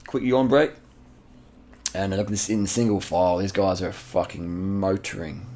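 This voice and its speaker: A man with a very low, gravelly voice talks over race footage in a loose, excited way. He repeats himself, slips in slang and swears casually, like he's chatting to a mate. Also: normal speed. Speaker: channel host.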